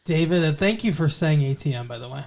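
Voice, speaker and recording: A man's voice: on the high side, expressive, fast, gravelly, a little mellow. A man co-hosting a podcast in casual chat, joking and rambling. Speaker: podcast co-host.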